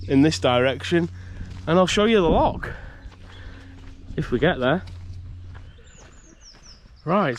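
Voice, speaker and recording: This male vlogger's voice sits on the high side, with slight background noise, as he walks outdoors at a rural campsite by a loch. Slightly blocked up with a cold, he chats casually and rambles, laughing and restarting often.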